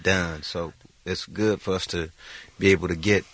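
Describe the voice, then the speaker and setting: Man, radio studio guest, deep low voice, laid-back, easygoing. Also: fairly even intonation, moderate pace, a bit bright, no room sound.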